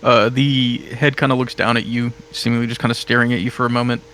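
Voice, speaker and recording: A man narrating as game master of a tabletop game, relaxed and full of fillers. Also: mid-range voice, fast, slight background noise, low-quality recording.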